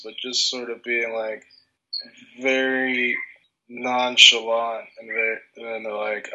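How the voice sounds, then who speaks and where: A man's voice: medium pitch, flat delivery, takes it slowly, bright, forceful tone. A man co-hosting a podcast in casual chat, rambling and hesitant as he searches for words. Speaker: podcast co-host. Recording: dull, muffled lo-fi sound.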